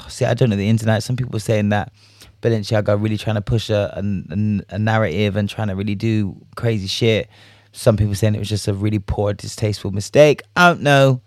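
A man hosting a casual solo chat, animated, laughing and swearing freely as he acts out reactions. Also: on the low side, no echo, clean studio sound.

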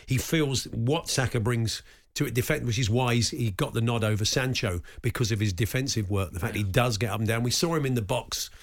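A man's voice: medium pitch, a little fast, no echo, studio quality. A man from England co-hosting a radio sports show, chatting casually and telling stories. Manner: chatty, storytelling, reads out listener messages.

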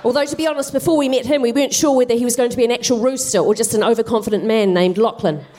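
A woman's voice: a little high, racing, dark tone. A woman comedian telling a comic story on stage with wry, self-deprecating asides. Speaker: co-host, stand-up comedian. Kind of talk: comic storytelling to live audience. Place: theatre stage, live audience.

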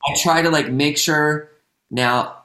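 An American man, an actor and comedian, chatting casually on a podcast in a rambling, self-correcting, animated way. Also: fairly high pitch, takes it slowly. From United States. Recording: roomy echo.

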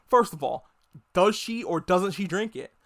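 High-voiced man in a profane, joking recap. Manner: profane, joking, acts out characters in quick voices. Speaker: podcast host reviewing a TV episode. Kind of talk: casual recap with acted-out quotes.

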